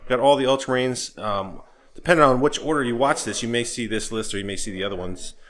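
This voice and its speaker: A man's voice: medium pitch, a bit bright. A man hosting a tabletop game battle report, casually running through his army and plans in an upbeat, chatty way. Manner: casual, upbeat, explains army list in quick rundown. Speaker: host.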